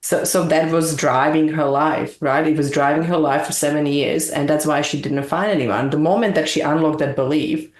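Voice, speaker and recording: A woman's voice: low-pitched, steady tone, moderate pace, few pauses. A woman guest in an interview, talking earnestly in long, winding explanations. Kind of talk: reflective interview talk. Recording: echoey room.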